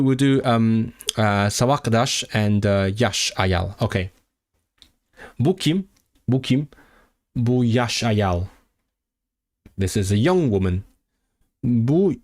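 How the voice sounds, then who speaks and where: Slow-practicing man streamer. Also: on the low side. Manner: thinking aloud, halting, with many fillers and restarts; slow, careful repetition of foreign phrases. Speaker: language-learning streamer. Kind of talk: casual livestream language practice.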